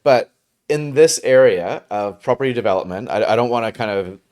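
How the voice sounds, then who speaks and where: A man's voice: mid-range voice, animated, a little fast, darkish tone. A man hosting a casual podcast interview, upbeat and conversational, often tagging his points with a question. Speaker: podcast host.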